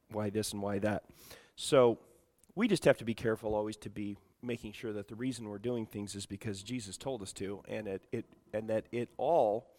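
Male pastor, middle-aged, slightly low voice, congested, frequent throat clearing, sermon delivery. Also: big-room sound. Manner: prays softly, then preaches louder with frequent throat clearing. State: congested from allergies.

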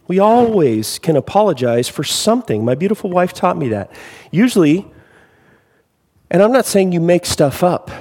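A man preaching a sermon as a pastor, animated, with wry asides and acted-out quotes. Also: fairly high pitch, slightly rough. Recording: long hall reverb.

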